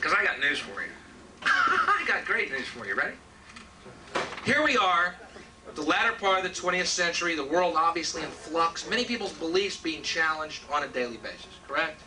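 Ranting sarcastic comic, lively high voice. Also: male voice, moderate pace, noisy background. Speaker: stand-up comedian. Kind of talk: stand-up comedy set. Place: comedy club stage. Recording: distant live club recording, loud crowd. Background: audience laughter.

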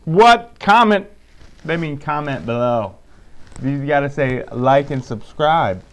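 A man's voice: mid-range voice, unhurried. A man in his thirties, a father hosting a casual home review vlog, laid-back and joking, swearing casually.

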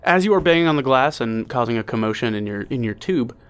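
A man's voice: mid-range voice, expressive, fast talker, clean tone. Laid-back male game master. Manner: casual, loose narration with fillers and profanity. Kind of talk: narrating a tabletop game.

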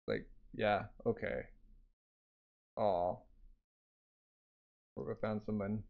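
A man's voice: mid-range voice, a little slow, long pauses, a little mellow, dull audio. A man casually reading a manga aloud, narrating with lots of fillers and sound effects. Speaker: manga reader. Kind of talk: casual manga read-along with voices.

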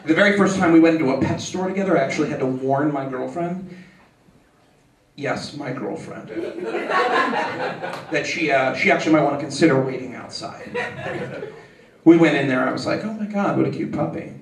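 A male stand-up comedian doing a set on a club stage, with animated, exasperated rants and mock outbursts. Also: a little high, normal speed, long pauses. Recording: roomy club sound from far, audience laughter.

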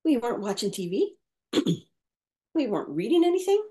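A woman's voice: fairly high pitch, very animated, normal speed, mellow. A middle-aged woman talking reflectively about caregiving in an interview, often restarting and repeating words as she thinks. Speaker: caregiver coach. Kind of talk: conversational interview talk.

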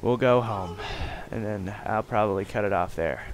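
A young man giving joking let's play commentary, swearing often and bursting into shouts. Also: on the low side, normal speed, hardly any pauses, a little hiss or hum. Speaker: gamer.

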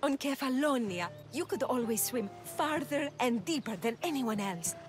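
Game NPC: tender young island woman, wistful and fond, lively higher voice over music. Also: moderate pace. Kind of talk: video game dialogue.

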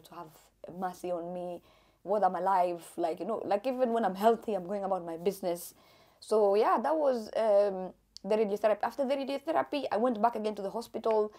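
Chatty young woman telling a story. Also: medium pitch. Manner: chatty and animated, laughs often, mixes in Arabic phrases. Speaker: vlogger. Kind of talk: casual storytelling to camera.

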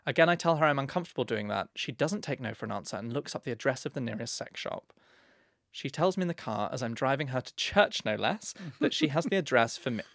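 A man's voice: mid-range voice, animated, quick pace, creaky, a bit bright, no room sound, clean studio sound. A man co-hosting a podcast, chatting casually in a playful, teasing, mock-grand way. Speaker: podcast co-host.

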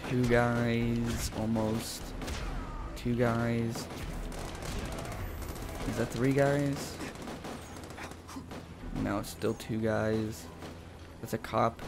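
A man giving chatty, casual and excitable commentary as he plays a video game. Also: medium pitch, extremely slow, long pauses, background noise. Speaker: gameplay commentator. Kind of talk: let's play commentary.

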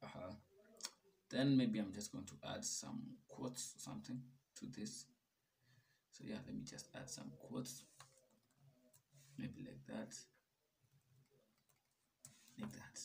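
A man with a lowish voice talks through a coding tutorial in a relaxed, chatty way, laughing off his own slip-ups. He sounds a little distant from the mic, with faint noise and keyboard clicks behind him. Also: takes it slowly, gravelly, pauses often. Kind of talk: casual screen-recorded coding tutorial.

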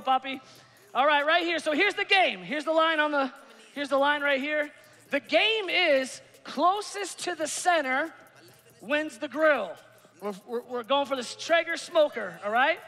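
A male pastor preaching a sermon, animated, swinging between shouts and hushed asides on a church stage. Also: very high-pitched. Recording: reverberant church hall.

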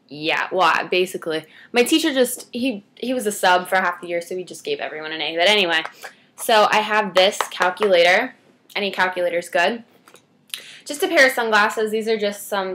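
A woman's voice: medium pitch, a bit bright. Chatty teenage girl vlogging. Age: teens. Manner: chatty, rambling asides. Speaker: beauty vlogger. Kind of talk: casual chat to camera.

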